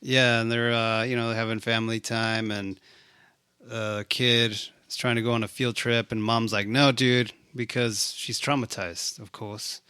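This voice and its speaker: A man's voice: medium pitch, little pitch movement, a little slow, pushed and bright, smooth, no room sound, clean studio sound. A man co-hosting a casual movie recap chat, swearing freely and acting out the characters' lines. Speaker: podcast co-host.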